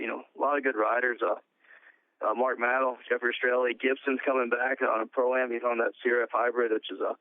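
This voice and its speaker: A man's voice: medium pitch, no echo. A man who races ATVs professionally, talking casually about his season in a phone interview, full of "uh" fillers. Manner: relaxed, plain-spoken, many "uh" fillers. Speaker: pro ATV motocross racer. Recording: tinny phone line.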